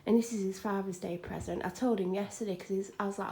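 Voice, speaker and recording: A woman chatting frankly in a home vlog from a room she is decorating, sometimes dropping into soft whispered asides. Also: mid-range voice, steady tone, quick pace, vocal fry, slight background noise. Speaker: vlogger. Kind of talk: casual home vlog chat.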